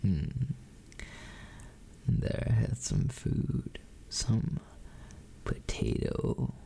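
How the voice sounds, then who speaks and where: A man in a whispered role-play, his voice very gravelly and dark as he murmurs slowly to his listeners. He speaks in fond, doting whispers with a lilting rise and fall. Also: low-pitched, big pitch swings, slight background noise. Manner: slow, doting whispers, calls listeners sweetheart. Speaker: streamer greeting chat.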